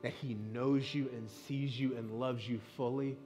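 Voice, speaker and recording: A man's voice: medium pitch, steady tone, a little slow. Man, 30s, pastor, sermon, earnest, conversational, personal stories, faint music behind. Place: church sanctuary.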